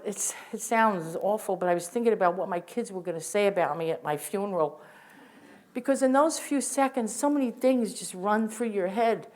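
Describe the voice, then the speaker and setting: A woman's voice: mid-range voice, darkish tone. An older woman telling her own story as personal testimony, earnest and vivid, often restarting her sentences. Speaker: witness sharing testimony. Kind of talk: first-person spoken testimony.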